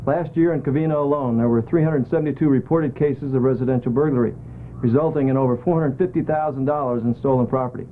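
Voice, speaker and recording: A man's voice: mid-range voice, fast talker, a little hiss or hum. A man reading a scripted public service announcement in a formal, earnest way. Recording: tinny lo-fi videotape audio.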